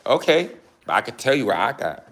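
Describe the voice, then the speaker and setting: A man's voice: mid-range voice, sing-song, brisk, a bit bright, slight background noise. A man who breeds dogs, ranting in a blunt, profane, boastful way and mocking his rivals. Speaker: dog breeder. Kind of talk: casual rant to camera.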